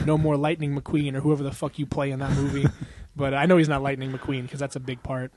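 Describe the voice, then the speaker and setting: A man's voice: fairly high pitch, fairly even intonation, quick pace, darkish tone. A young man co-hosting a podcast in casual chat, rambling and profane, laughing often and acting out quotes. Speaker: podcast co-host.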